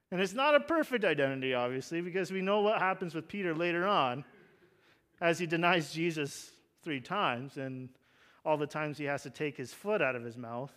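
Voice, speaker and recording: A man's voice: high voice, a bit bright. A young adult man preaching a sermon, conversational, with joking asides and fervent emphasis on key points. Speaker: pastor.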